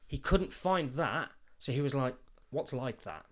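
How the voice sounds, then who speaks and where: A man hosting a podcast, telling stories in a lively way and swearing freely. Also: mid-range voice, measured pace. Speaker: podcast host and father. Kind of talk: casual podcast chat.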